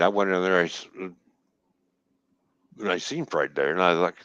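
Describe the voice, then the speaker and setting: A man's voice: low voice, fairly quick, pauses often, smooth, dry recording. A man telling a trucking story in casual, profane talk, laughing and quoting people as he goes. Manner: profane, laughing, animated retelling with quoted dialogue. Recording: dull lo-fi dry stream audio.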